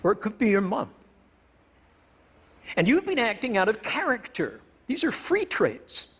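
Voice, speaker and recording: A man's voice: high voice, huge pitch swings, a little slow, fairly bright tone, slightly rough. A man from Canada, a professor, giving a humorous stage talk in a wry, self-deprecating way with playful word choice. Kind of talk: humorous public lecture.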